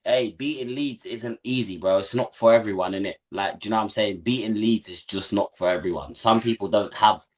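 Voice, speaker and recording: A man's voice: lowish voice, a little fast, few pauses. A young man co-hosting a football watchalong, talking in casual slangy banter and getting worked up about rival fans.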